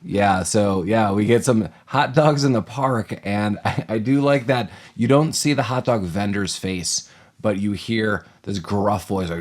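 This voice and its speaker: A man's voice: fairly low pitch, a little slow. A man co-hosting a podcast, chatting about a film in an analytical way and laughing often as he talks. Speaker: podcast co-host. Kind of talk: casual chat about a film.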